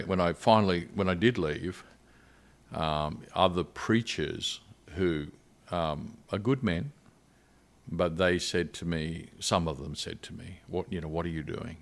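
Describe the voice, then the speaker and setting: An older man with an Australian accent, a missionary guest telling his story earnestly in a podcast interview. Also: deep voice.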